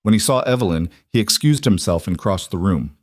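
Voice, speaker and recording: A man reading a mafia drama as scripted narration, measured and even. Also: on the low side, no room sound, studio quality.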